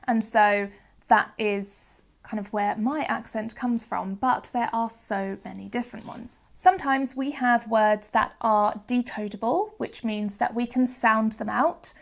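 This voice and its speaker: A woman's voice: a little high, unhurried. A woman with a Southern English accent presenting a phonics lesson, carefully sounding out words. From Southern England. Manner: clear, careful modelling of sounds. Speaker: phonics teacher. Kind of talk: educational video presenting.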